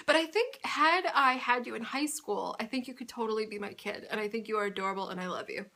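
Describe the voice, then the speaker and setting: A woman's voice: on the high side, quick pace, hardly any pauses, bright, forceful tone. A woman hosting her own video podcast, chatting in a gushing, rambling way at home with frequent laughter. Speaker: podcast host. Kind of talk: casual video podcast chat. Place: indoors at home under a bright light.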